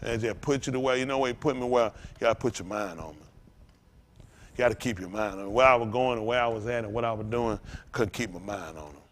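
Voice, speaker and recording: A male pastor with a lowish voice preaches a sermon at a quick pace. He's animated, telling personal stories in loose, everyday vernacular.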